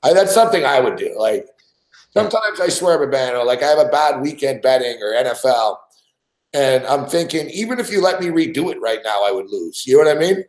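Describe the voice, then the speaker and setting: A man's voice: mid-range voice, lively intonation, fairly quick, echoey room. A man co-hosting a sports betting show, telling stories in casual chat, swearing a lot and laughing as he goes. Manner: profane, laughing storyteller.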